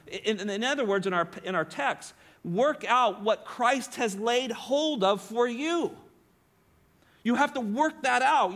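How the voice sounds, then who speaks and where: A man preaching a sermon as pastor, swinging between emphatic lines and hushed asides. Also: sits high.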